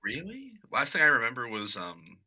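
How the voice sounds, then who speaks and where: Bright, chatty man at the game table. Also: medium pitch, huge pitch swings, moderate pace, husky. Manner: self-deprecating, chatty, rambling with many likes. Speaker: player. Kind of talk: casual tabletop play chat.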